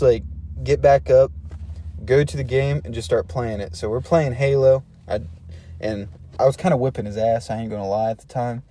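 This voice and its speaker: A man's voice: medium pitch, warm tone, slight background noise. A man telling a funny personal story in a laid-back, slangy way, chuckling between phrases. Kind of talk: casual storytelling.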